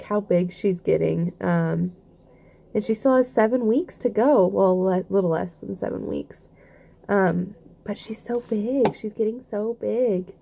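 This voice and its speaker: A young woman with a soft Southern accent talks straight to her camera in a loose, rambling way. She circles back on her thoughts, filling pauses with ums and likes. Her voice sits at an ordinary middle pitch. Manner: chatty, rambling, many fillers and restarts. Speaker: vlogger. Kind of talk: casual pregnancy update vlog.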